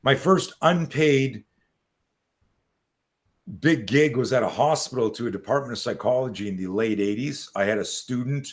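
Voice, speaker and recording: A man in his sixties, a self-defense coach telling stories as an interview guest, animated and profane, on a video call. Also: medium pitch, moderate pace. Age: 60s. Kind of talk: casual interview storytelling.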